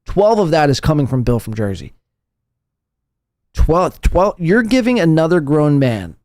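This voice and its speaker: A man's voice: on the high side, very animated, measured pace, a little mellow, no echo. A man hosting a live podcast, mocking and profane in casual commentary. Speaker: podcast host.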